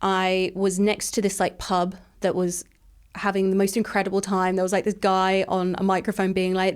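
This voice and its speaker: A woman in her thirties from England, telling her personal story as an interview guest in a frank, rapid way, full of "like" fillers. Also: mid-range voice, little pitch movement, smooth.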